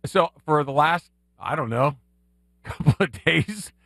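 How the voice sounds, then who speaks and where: A man's voice: fairly high pitch, lively intonation, takes it slowly, creaky, bright, forceful tone, no echo. A man co-hosting a sports radio show who does impressions, easygoing with dry quips. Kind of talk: casual sports talk chat.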